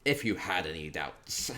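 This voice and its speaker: Low-voiced man giving chatty game commentary. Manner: chatty, upbeat, repeats words, laughs softly. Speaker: gaming streamer touring player-built homes. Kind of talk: casual gameplay commentary.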